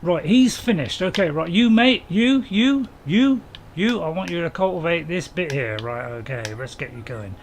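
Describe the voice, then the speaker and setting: A middle-aged man gives chatty, jokey live-stream commentary, chuckling and reading his viewers' messages aloud. His voice sits a little higher than most men's. A faint hum of ambient noise runs under his desk mic. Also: expressive, normal speed, poor audio. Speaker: gameplay streamer.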